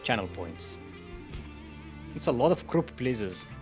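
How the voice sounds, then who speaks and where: A man's voice: mid-range voice, big pitch swings, slow pace, darkish tone, faint music behind. Playful giggly male esports caster. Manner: playful and giggly, jokes between calls. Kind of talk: live esports play-by-play commentary.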